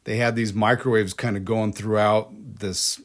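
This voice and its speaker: A man's voice: lowish voice, flat delivery, moderate pace. A man co-hosting a podcast in casual chat, telling rambling stories with restarts and laughs. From United States. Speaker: podcast co-host.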